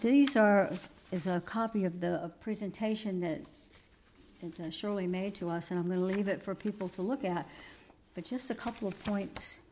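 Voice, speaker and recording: Woman preaching with hushed storytelling. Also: medium pitch, moderate pace, slight background noise. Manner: storytelling, swings between emphatic and hushed. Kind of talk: sermon.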